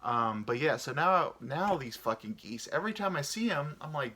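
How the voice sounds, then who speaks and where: A man's voice: fairly high pitch, animated, moderate pace, bright, forceful tone. A man in his thirties hosting a rambling solo chat. He meanders, muses aloud and swears casually, and he sounds tired from little sleep. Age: 30s. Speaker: podcast host.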